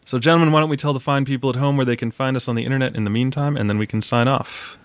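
A man's voice: mid-range voice, fairly even intonation, racing, no echo. A young man hosting a casual film podcast, chatty and self-mocking, laughing often. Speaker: podcast host.

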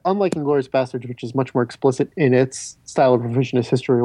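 Guy hosting a movie podcast, kinda rambly, mellow dark tone, dry sound. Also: mid-range voice, dry recording. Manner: rambling, self-interrupting, stammers on restarts. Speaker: podcast host. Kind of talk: casual film discussion.

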